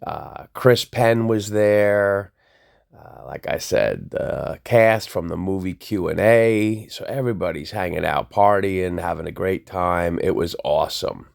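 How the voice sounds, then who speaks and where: A man tells his story in a low, gravelly voice. He talks casually and acts out the people he quotes. The pitch sits deep throughout. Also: unhurried. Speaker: DJ telling a personal story.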